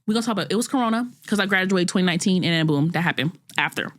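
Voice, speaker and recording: A woman's voice: on the low side, expressive, racing, no echo, clean studio sound. A young woman in her twenties hosting a podcast, talking through a candid, self-critical monologue in casual slang with frequent restarts. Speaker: podcast host.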